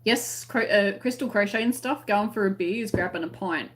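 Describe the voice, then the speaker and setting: Australian woman, live-stream host, casual chat, reads comments aloud, friendly, laughs a lot, mid-pitched voice. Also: normal speed. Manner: chatty, friendly, laughs often. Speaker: crochet channel host.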